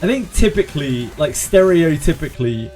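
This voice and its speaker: A man's voice: on the high side, big pitch swings, moderate pace, darkish tone, faint music behind. A man with a Cornish accent chatting casually and laughing while he streams a video game. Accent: Cornish English. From Cornwall, England. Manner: chatty, laughs often, sings snatches of sea shanties. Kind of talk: casual gameplay commentary.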